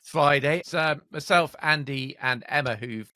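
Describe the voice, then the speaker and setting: A man hosting a casual film review podcast, passing the floor to his co-reviewers in a relaxed, chatty way. His voice is bright and sits a touch high. The sound is close and dry. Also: measured pace, no room sound. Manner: relaxed, chatty, hands over to guests. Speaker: podcast host.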